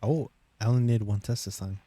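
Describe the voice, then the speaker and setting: Low, mellow-voiced American guy streaming. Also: steady tone, brisk, no echo. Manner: joking, laughs often, teases friends. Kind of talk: casual chat with friends on a stream.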